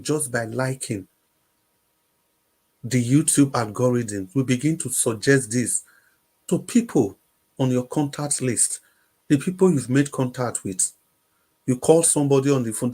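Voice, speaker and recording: A man's voice: mid-range voice, measured pace, darkish tone, breathy edge. A Nigerian man hosting a livestream, giving impassioned political commentary and repeating phrases for emphasis. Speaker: livestream host. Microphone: livestream microphone.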